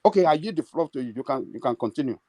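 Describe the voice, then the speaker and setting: A man's voice: medium pitch, very fast, no echo. A man, debating insistently and cutting in on the other speaker. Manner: animated, insistent, interrupting. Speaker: debate panelist. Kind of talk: heated debate.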